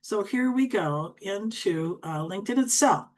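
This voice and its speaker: This is a woman in her sixties, originally from Wisconsin, with an Upper Midwest American accent. She speaks quickly and chattily as she runs an online training, with a folksy, friendly delivery. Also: medium pitch, expressive, darkish tone. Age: 60s. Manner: chatty, fast-talking and folksy. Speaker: LinkedIn coach.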